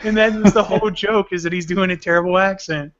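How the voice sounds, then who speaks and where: A man's voice: sits high, steady tone, fast talker, fairly bright tone. A man co-hosting a podcast in casual banter, laughing often and making crude jokes. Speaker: podcast co-host. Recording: dull lo-fi podcast audio.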